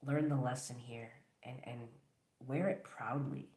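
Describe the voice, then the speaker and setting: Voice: mid-range voice, fairly even intonation, a little slow, a little mellow, roomy sound. A tarot reader giving a collective reading, talking straight to the viewer in an encouraging, affirming way.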